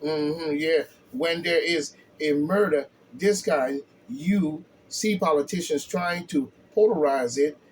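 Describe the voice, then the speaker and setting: A man giving blunt, heated opinion commentary, often stumbling and restarting, with a steady stream of filler phrases. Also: fairly high pitch, slow pace, few pauses, slight background noise, poor audio.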